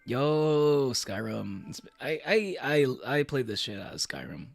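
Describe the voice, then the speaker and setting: A man's voice: mid-range voice, expressive, measured pace, gravelly, no room sound, faint music behind. A young man streaming, chatting casually to his viewers in a rambling way, with many fillers and restarts and frequent laughs. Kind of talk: casual livestream chat.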